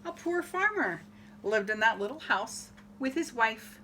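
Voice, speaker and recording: Woman, storybook reader, high voice, animated, unhurried delivery. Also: slight background noise. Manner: animated, asks listeners questions, acts out the story. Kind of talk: reading a picture book aloud to children.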